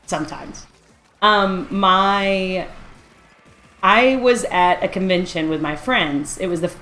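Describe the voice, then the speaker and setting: A woman's voice: medium pitch, fairly bright tone, roomy sound, a little hiss or hum. Laughing, self-mocking woman streamer. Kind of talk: casual storytelling on a live stream.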